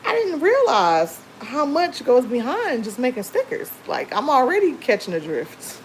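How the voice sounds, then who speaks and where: A woman's voice: high voice, wildly swooping pitch, unhurried, few pauses, slight background noise, rough recording. A woman chatting casually on a livestream from home, telling rambling stories full of fillers. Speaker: livestream host.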